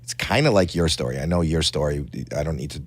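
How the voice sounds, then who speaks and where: A middle-aged man telling rambling anecdotes as a podcast guest, animated, with frequent stammering restarts, in a studio. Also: a bass voice, quick pace. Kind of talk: casual storytelling chat.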